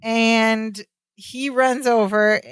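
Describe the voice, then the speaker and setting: A woman's voice: on the high side, fairly even intonation, extremely slow, clean tone, no echo. A woman co-hosting a podcast, chatting casually as she retells a sitcom episode and acts out the characters' lines. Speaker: podcast co-host.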